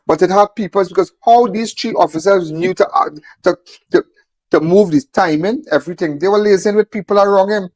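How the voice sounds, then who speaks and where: A man's voice: sits high, fairly quick, a little mellow, no echo. A man speaking emphatically, repeating phrases and firing off rhetorical questions. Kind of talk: impassioned on-camera talk.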